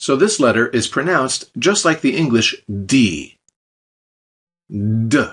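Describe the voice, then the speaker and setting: Husky man narrating a language lesson. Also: mid-range voice, big pitch swings, unhurried, a bit bright. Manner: explanatory, with light dry jokes. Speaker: language teacher. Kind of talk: scripted instructional narration.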